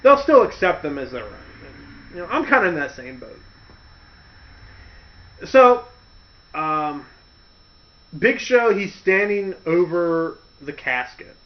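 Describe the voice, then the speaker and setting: Animated man telling wrestling stories. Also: high voice, slow, pauses often. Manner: animated, laughing, full of impressions. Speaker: host. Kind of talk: casual comedic storytelling. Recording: dull lo-fi recording.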